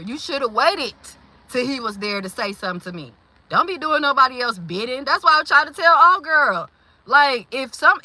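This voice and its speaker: Bright-voiced, blunt woman venting. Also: mid-range voice, no echo, poor audio. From Milwaukee, Wisconsin. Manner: animated, blunt, confrontational. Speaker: vlogger. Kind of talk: venting monologue.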